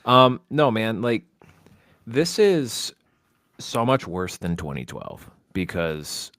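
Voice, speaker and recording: A man co-hosting a casual sports podcast, dark-humored and dramatic, swearing freely. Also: fairly low pitch, big pitch swings, takes it slowly, no room sound, studio quality. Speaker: podcast co-host.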